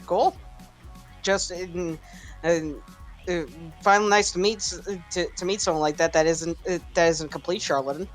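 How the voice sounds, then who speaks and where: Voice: mid-range voice, fairly even intonation, soft background music. Stumbling, swearing tabletop player. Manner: halting, stumbles and restarts, swears casually. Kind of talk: in-character tabletop roleplay chat.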